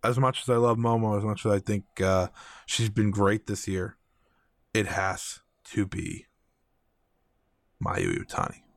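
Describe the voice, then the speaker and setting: A man's voice: fairly low pitch, lively intonation, a little slow, creaky, pauses often, no echo. A man hosting a solo wrestling podcast, chatting enthusiastically with lots of fillers and repeated phrases. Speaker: podcast host.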